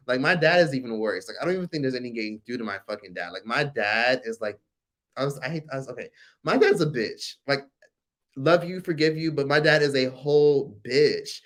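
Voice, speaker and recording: A man in his forties hosting a casual livestream, telling a personal story with animated, profane delivery and reading viewer comments aloud. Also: mid-range voice, moderate pace. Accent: American. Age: 40s. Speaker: livestream host.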